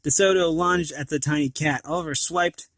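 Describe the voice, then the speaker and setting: A man's voice: on the high side, normal speed, no echo. A man reading a children's storybook aloud, with the odd slip and restart. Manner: animated reading, occasional slips and restarts. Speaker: storybook reader.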